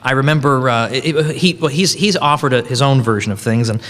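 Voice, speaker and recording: A man's voice: mid-range voice, a little fast, fairly bright tone, in a large hall. A man giving a conference lecture in a conversational, joking way, often correcting himself mid-sentence. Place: conference hall.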